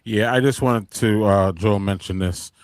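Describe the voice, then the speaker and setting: A man co-hosting a casual beer podcast, talking in a chatty, halting way with lots of fillers. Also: lowish voice, no echo. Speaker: podcast co-host. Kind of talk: casual chat.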